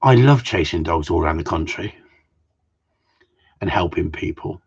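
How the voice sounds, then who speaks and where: Blunt, husky middle-aged dog trainer. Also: male voice, low-pitched, expressive, normal speed, darkish tone, muffled recording. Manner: blunt, swears freely, rambling and opinionated. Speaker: gundog trainer hosting a live Q&A. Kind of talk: casual live-stream rant. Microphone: live-stream mic.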